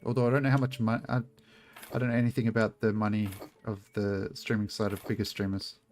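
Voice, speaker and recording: This streamer has a fairly low, darkish voice and talks quickly in a level tone over faint background music. He chats casually with viewers as he plays, rambling off on tangents and swearing freely.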